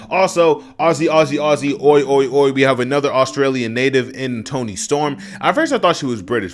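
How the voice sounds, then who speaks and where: Profane, animated man reviewing wrestling. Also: medium pitch. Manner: animated, profane, addresses chat, bursts into loud yelled asides. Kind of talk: casual solo review rant.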